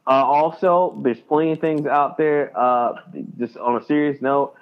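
A man co-hosting a podcast in casual chat, animated and excitable, acting out his reactions. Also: a little high, normal speed, smooth. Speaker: podcast co-host. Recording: tinny phone-like line.

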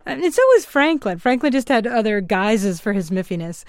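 A woman historian as a guest in a radio interview, talking in an animated way and laughing often. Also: mid-range voice, moderate pace, no echo, studio quality.

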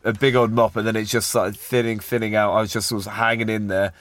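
A man's voice: lowish voice, little pitch movement, a little fast, fairly bright tone, dry recording. A man in his twenties from Australia, a guest on a podcast, telling self-deprecating stories in casual conversation. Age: 20s. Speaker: podcast guest, professional rugby player.

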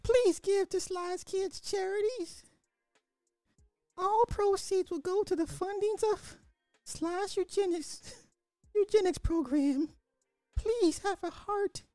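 A man voicing a sappy charity advertisement announcer, pleading slowly in mock solemnity. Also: very high-pitched, warm tone, dry recording, soft background music, voice pushed up, full character voice.

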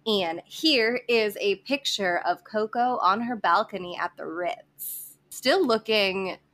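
A woman's voice: mid-range voice, slow, fairly bright tone. A woman host telling a history story on a podcast, casual and joking between facts. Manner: storytelling with asides and laughter.

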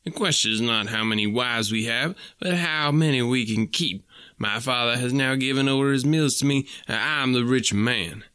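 A man's voice: medium pitch, normal speed, bright, forceful tone, clean tone, dry recording, studio quality, voice pushed up, lightly acted. A man voicing a sanctimonious young male suitor with a nasal, preachy, smirking way of talking.

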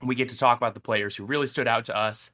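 Bright-voiced joking male podcast host. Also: mid-range voice, steady tone, fast talker. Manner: joking, upbeat, teasing. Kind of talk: casual sports podcast chat.

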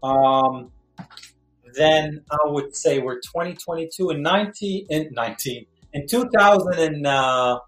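Middle-aged male guest, a lively storyteller, voice a bit high, room echo and faint music behind. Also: measured pace. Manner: lively, acts out quotes with jumps in pitch. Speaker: guest actor. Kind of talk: animated storytelling. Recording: roomy echo.

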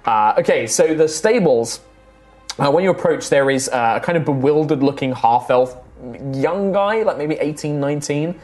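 A man's voice: on the high side, lively intonation, moderate pace, a little mellow, faint music behind. A man narrating a tabletop game as game master, rambling with many fillers and restarts.

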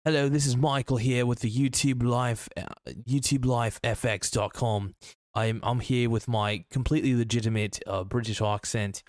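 A man voicing a boastful male forex guru, mocking him with a deliberately poor put-on British accent and a halting, bragging delivery. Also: mid-range voice, fairly even intonation, a little mellow, no echo, studio quality, close to an everyday voice. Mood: smug.

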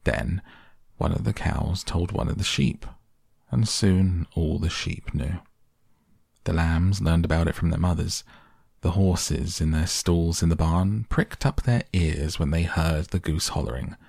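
Male sleep-audiobook reader: low, husky, unhurried. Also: dry recording, studio quality. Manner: slow, soft and even. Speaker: podcast reader. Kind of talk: calm audiobook narration for sleep.

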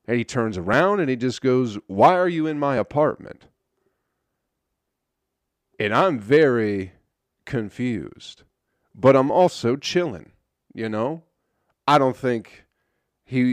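A young man with a drawl talks through a story as a podcast host, relaxed and loose, swearing freely. His voice sits a bit low. The sound is dry and close, with no room around it. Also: dry recording. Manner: laid-back storytelling, swears often. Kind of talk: casual monologue.

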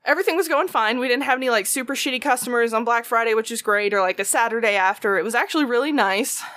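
Animated woman telling a story. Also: a little high, fast, no echo. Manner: swearing, animated storytelling with voiced quotes. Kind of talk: casual podcast chat.

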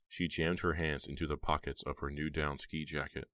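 A man narrating a horror novel as an audiobook in a steady, measured way. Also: very deep voice, no echo, studio quality.

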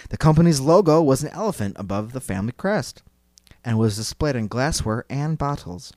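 A man's voice: medium pitch, expressive, fairly quick, a little mellow. A man hosting a podcast, talking in a loose, rambling way full of "like" and other fillers. His voice sits in an ordinary middle range, playful as he tells a story. The sound is dry and close, with no room echo. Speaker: podcast host. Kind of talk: casual chat.

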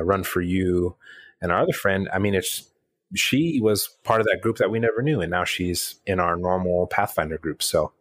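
Male co-host, deep voice, dry close sound, rambling casual talk. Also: fairly bright tone, no room sound. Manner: rambling, many restarts and fillers. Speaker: podcast co-host and game master. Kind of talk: casual chat.

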